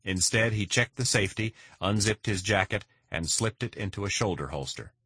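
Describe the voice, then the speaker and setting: Male first-person audiobook narrator, deep and husky, matter-of-fact. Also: expressive, normal speed, pushed and bright, no room sound, studio quality.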